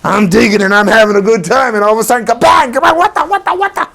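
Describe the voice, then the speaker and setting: A man's voice: quick pace, gravelly, sharp tone, exaggerated voice. A man voicing a confused pet dog who stammers in bewilderment as something crashes down near it. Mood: startled. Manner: stammering in high-pitched bewilderment.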